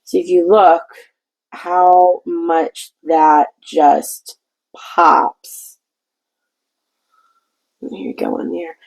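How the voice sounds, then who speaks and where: Speaking very slowly in a low voice with little pitch movement, vocal fry, and long pauses, a woman walks through her painting step by step in a casual craft tutorial. The recording is rough, and her delivery is chatty and meandering with frequent restarts.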